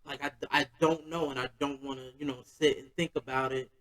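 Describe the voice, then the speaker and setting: A man's voice: medium pitch, little pitch movement, brisk, fairly bright tone, rough recording. A man hosting a podcast, telling a personal story in a loose, slangy, conversational way. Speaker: podcast host.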